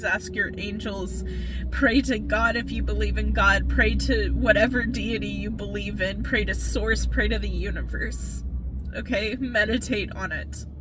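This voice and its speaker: A medium-pitched woman delivers a fervent spiritual pep talk as a reader, earnest and urging. Worn out from working all night, she keeps asking "okay?" and swears for emphasis.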